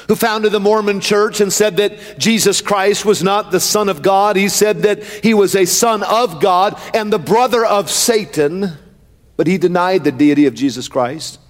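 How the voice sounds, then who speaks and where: A man's voice: sits high, moderate pace, long reverb tail. A male preacher delivering a sermon with a rhythmic build that swells into a sing-song chant.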